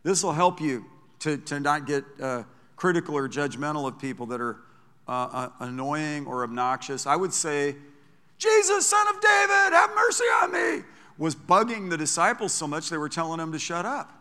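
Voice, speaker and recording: Bright-voiced male pastor preaching in a hall. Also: a little high, moderate pace. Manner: conversational, animated preaching with frequent restarts. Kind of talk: sermon.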